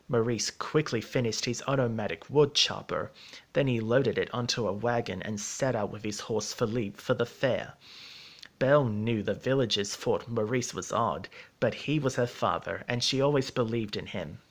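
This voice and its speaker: A man narrating a storybook in a measured, steady reading voice. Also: mid-range voice.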